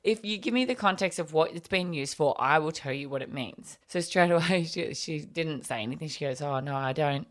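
Aussie woman telling a funny story about her kids, lowish voice, keeps laughing. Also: brisk, few pauses. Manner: animated, laughs often while telling stories. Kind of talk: casual storytelling chat.

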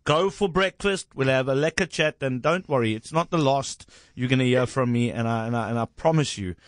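A South African man hosting a radio talk show, thanking callers warmly and getting emotional. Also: medium pitch, brisk, no echo, studio quality. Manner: emotional, warm thanks, laughing. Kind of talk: casual on-air chat with callers.

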